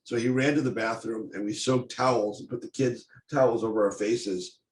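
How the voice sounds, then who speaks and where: An older man giving a personal storytelling talk on stage, speaking in a halting, intense way with many restarts. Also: on the low side, fairly even intonation. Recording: echoey room, faint noise.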